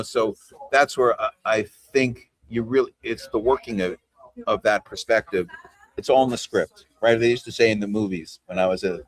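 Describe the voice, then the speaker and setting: A man coaching a team over a video call. He talks in a casual, conversational way and keeps checking in with "right?" and "you know.". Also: on the low side. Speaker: trainer leading a team call.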